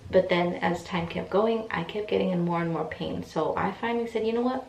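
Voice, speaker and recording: A young woman telling a personal story in a casual, animated way, acting out what people said. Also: fairly low pitch, a little fast, creaky, a little hiss or hum. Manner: chatty, animated retelling with quoted voices. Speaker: vlogger. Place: room at home, in pajamas. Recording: echoey room, mic set back.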